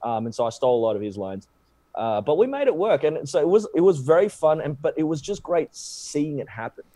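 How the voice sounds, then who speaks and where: A man in his thirties with an Australian accent, a guest actor in casual podcast chat who tells stories with lively acted-out quotes. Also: a little high, fairly quick. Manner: animated storyteller, acts out quotes.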